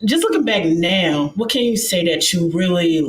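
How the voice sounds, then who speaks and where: A woman's voice: lowish voice, animated. A woman host asking interview questions, stopping and restarting as she feels for the wording. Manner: halting, restarts her questions. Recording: roomy echo.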